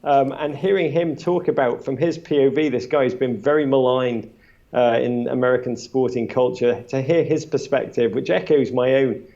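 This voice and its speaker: A man's voice: medium pitch, moderate pace, warm tone, lo-fi sound. A man who makes a podcast, telling chatty stories to a live audience, full of restarts and acted-out quotes. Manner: chatty, many restarts, acts out quotes with a raised voice. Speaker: podcast creator on a live panel. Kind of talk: animated storytelling at a live event. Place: small event space before a live audience.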